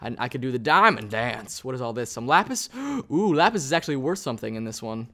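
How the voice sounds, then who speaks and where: A gaming YouTuber talking to himself in excitable, rambling let's-play commentary as he plays. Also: mid-range voice, fairly quick. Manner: excitable, rambling self-talk while playing.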